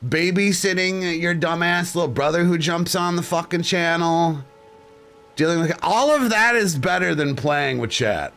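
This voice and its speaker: A man's voice: on the high side, sing-song, slow, creaky, a bit bright, slight background noise. A man streaming live and chatting casually with his viewers, blunt and crude, joking and ranting. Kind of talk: casual livestream chat.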